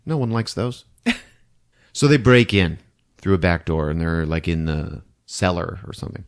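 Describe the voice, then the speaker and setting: A podcast host with a low, clean-toned voice recaps a movie for laughs at a normal speed. He laughs often and breaks into character voices to act out quotes.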